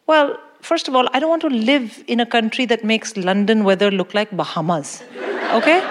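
A woman from India performs stand-up in a large concert hall, her fairly high voice carrying long reverb. She delivers her lines brashly and emphatically, with mock indignation. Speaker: stand-up comedian. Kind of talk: stand-up comedy set. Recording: hall reverb, audience laughter.

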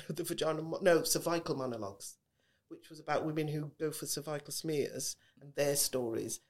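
A middle-aged woman from Birmingham, England, with a Birmingham accent, chats animatedly as a guest actress in a casual interview at a podcast recording venue. Her voice sits low, with a darkish tone and normal speed.

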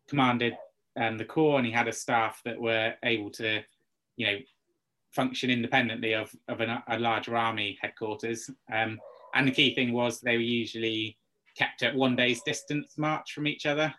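A man talks as an interview guest, laying out his points in a steady, even tone. His voice is bright and fairly low, and he leans on frequent ums while he builds each explanation. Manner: hesitant, many ums, explanatory. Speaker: guest military historian. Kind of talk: podcast interview.

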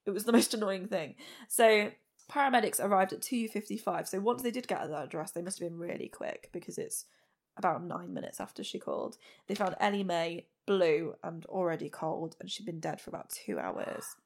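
A woman's voice: fairly low pitch, a little fast. A woman hosting a true crime podcast, recounting a case in a plain-spoken, blunt way with frank asides. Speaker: podcast host.

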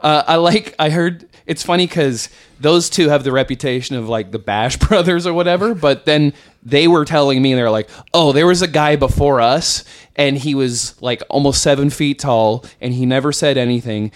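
A man, a comedian, telling a story in a relaxed, measured casual chat. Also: fairly high pitch. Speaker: comedian guest.

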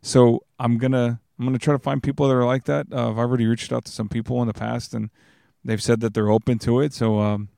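A man's voice: mid-range voice, flat delivery, fast, gravelly, mellow, no echo. A man hosting his own podcast, talking in a casual, rambling, earnest way close to the microphone. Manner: rambling, earnest, many restarts and fillers. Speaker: podcast host. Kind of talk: casual solo podcast monologue.

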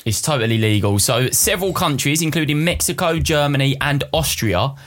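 A man chats on a podcast with real enthusiasm, telling his facts with eager, animated delivery. His pitch swings up and down freely, and his voice sits in a middle register. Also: fairly quick. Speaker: podcast co-host. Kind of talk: casual chat.

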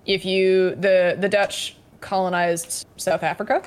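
A woman chatting casually on a podcast, talking in a rambling, halting way with many fillers and restarts. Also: fairly low pitch, flat delivery. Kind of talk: casual chat.

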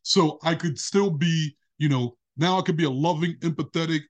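A man, a podcast guest, telling a candid personal story in an animated way. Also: normal speed. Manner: animated, acts out quoted dialogue with big pitch jumps.

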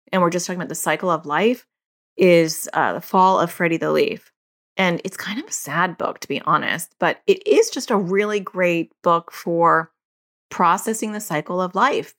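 A woman's voice: on the low side, a bit bright. A middle-aged woman hosting a solo parenting podcast, talking candidly and conversationally and laughing at herself now and then. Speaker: podcast host.

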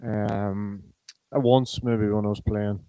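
An Irish man talking as a pundit, a former player, in a measured, hesitant way with many ums. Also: on the low side, fairly even intonation, warm tone, clear, resonant tone, no room sound, low-quality recording. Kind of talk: casual sports chat.

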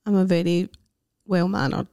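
A young Scottish woman co-hosting a casual podcast chat, giggly and chatty, with quick asides. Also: lowish voice, little pitch movement, gravelly, mellow, dry recording, studio quality. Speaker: podcast co-host.

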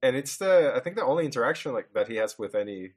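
A man's voice: medium pitch, animated, fast talker, husky. Regular guy voice, joking around and laughing about a movie. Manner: laughs often, jokey, chimes in. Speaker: podcast co-host. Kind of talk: casual chat about a film.

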